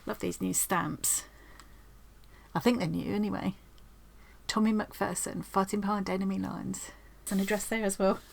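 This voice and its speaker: A woman's voice: mid-range voice, flat delivery, moderate pace, vocal fry, a little hiss or hum. A woman chatting at home in a craft vlog, rambling and effusive, often restarting her sentences. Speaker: craft vlogger. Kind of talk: casual chat while opening post.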